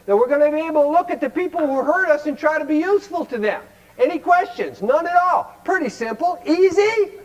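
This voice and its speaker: Speaking very fast and expressively in a very high-pitched voice, this man from Cleveland, Ohio, in the United States, gives a folksy, blunt recovery workshop talk. He keeps quizzing his audience with rhetorical questions, and the audio quality is poor.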